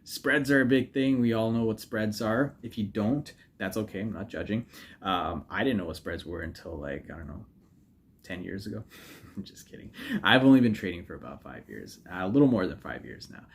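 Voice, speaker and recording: A man's voice: on the low side, expressive, moderate pace, vocal fry. A man hosting a trading channel, talking casually over his screen, rambling, joking and correcting himself with lots of fillers. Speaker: forex trading YouTuber. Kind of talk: casual screen-share commentary.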